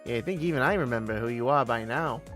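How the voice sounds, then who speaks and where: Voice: medium pitch, quick pace, fairly bright tone, soft background music, lightly acted. A streamer reading the lines of a male ghost protagonist with lost memories, in a dry, mostly natural voice. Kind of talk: game dialogue read aloud.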